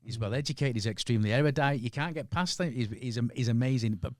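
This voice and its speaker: A man talks quickly and with emphasis in a casual podcast chat. His voice is a touch higher than the others but sits mid-range. The sound is dry. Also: no room sound. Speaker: comedian guest.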